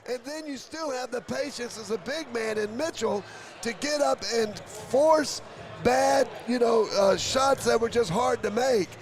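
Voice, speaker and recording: A man giving live basketball color commentary in a community center gym, loud and emphatic, often saying "I mean.". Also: extremely high pitch, measured pace.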